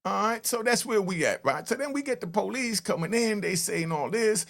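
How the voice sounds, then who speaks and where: A man giving a lively storytelling commentary, acting out calls and yells. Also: sits high, normal speed, creaky, soft background music. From New York. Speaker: commentary host. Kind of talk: animated street-talk commentary.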